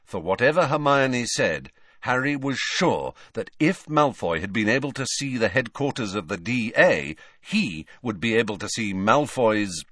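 Man, audiobook narrator, measured, lively intonation, dry close sound. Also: mid-range voice, dry recording. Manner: steady, measured storytelling.

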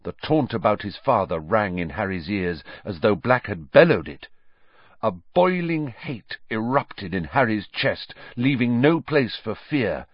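A man reading a story aloud in a dramatic, measured audiobook style. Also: fairly low pitch, sing-song, breathy edge, dry recording, lo-fi sound. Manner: dramatic, measured, varied delivery. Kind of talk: audiobook narration.

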